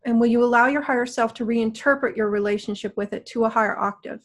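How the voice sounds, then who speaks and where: A middle-aged woman guiding a healing session with slow, soothing, coaxing prompts. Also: fairly high pitch, fairly even intonation. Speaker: energy healer guiding a session.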